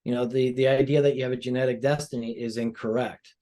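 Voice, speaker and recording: Male doctor guest, calm explanatory talker, average pitch, lots of filler phrases. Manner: explanatory, measured, frequent "you know" fillers. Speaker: plastic surgeon guest. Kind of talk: interview answers.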